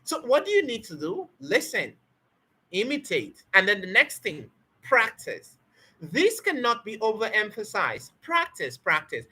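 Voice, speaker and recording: Lively, breathy woman coaching spoken English. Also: mid-range voice, a little slow. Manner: emphatic, repetitive, asks rhetorical questions. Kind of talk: motivational teaching talk.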